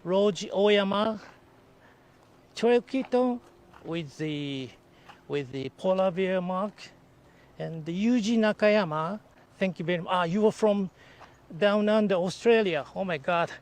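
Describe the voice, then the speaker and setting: A man guiding a live-streamed walking tour outdoors by a lake. He speaks haltingly with many fillers, and sounds excited when greeting viewers. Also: high voice. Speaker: live virtual tour guide.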